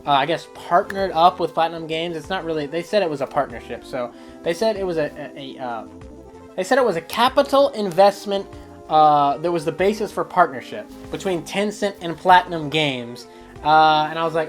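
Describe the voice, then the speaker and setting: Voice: medium pitch, brisk, soft background music. A gaming news vlogger in casual commentary, sarcastic and ranting, with some swearing.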